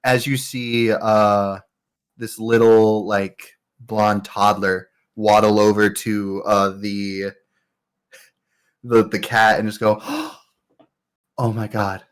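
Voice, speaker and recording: A man's voice: fairly low pitch, little pitch movement, slow, clear, resonant tone. A man narrating a tabletop game as game master in a loose, rambling way. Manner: loose, rambling, filler-heavy.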